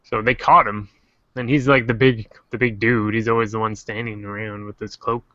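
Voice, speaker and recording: A man hosting a casual livestream discussion, joking and animated. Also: fairly low pitch, moderate pace, muffled recording. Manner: joking, animated, quotes characters in silly voices. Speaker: host.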